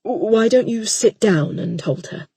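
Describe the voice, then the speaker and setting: Woman reads a concerned young husband in a slow, husky audiobook voice, gentle and careful. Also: on the high side, animated, no room sound, exaggerated voice.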